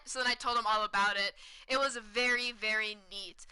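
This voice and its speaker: A woman in her twenties, a streamer, telling a story to her chat in an excited, chatty way, repeating words for emphasis. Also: on the high side, brisk, clean tone, low-quality recording. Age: 20s.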